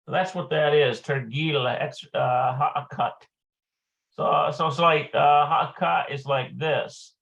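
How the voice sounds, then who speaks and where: A man teaching a live online language lesson, slow and halting, with many filler sounds. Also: on the high side, steady tone, gravelly, fairly bright tone, lo-fi sound. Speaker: Hebrew teacher.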